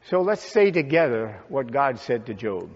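A man preaching a sermon as pastor, with slow, dramatic pauses and swelling emphasis. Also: medium pitch, big pitch swings. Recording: dull sound with long church reverb.

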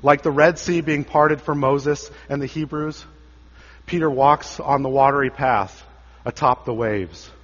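A man preaching a sermon, dramatic, rising loud for quoted cries and dropping low and quiet for solemn lines. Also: a little slow. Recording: dull sound with long church reverb.

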